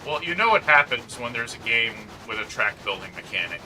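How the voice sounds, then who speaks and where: There's noise behind this very animated man, who speaks fairly quickly at a medium pitch. He co-hosts a gaming chat and keeps it loose, wandering off on tangents, dropping "like" everywhere, and mocking himself, with a distant mic capturing it all.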